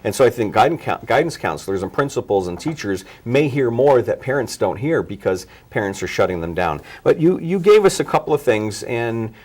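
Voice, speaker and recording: A man's voice: mid-range voice, very animated, a little fast, hardly any pauses, a little mellow, breathy edge. A man hosting a parenting talk show, thoughtfully summing up and framing questions for his guest. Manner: thoughtful, frequent restarts and fillers while framing questions. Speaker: host.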